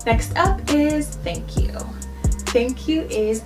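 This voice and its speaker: A woman's voice: high voice, expressive. Woman, vlog language teacher, patient and repetitive, mic set back, music bed audible. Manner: patient, repeats words slowly for practice. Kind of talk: travel vlog language lesson. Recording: distant mic with background music.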